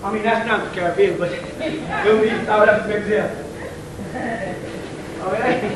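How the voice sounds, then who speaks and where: A man's voice: sits high, fairly even intonation, a little slow. A man giving an informal, slangy lecture to a room of listeners. He jokes, chuckles between points and keeps asking rhetorical questions. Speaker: lecturer addressing an audience. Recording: roomy, distant, faint hiss.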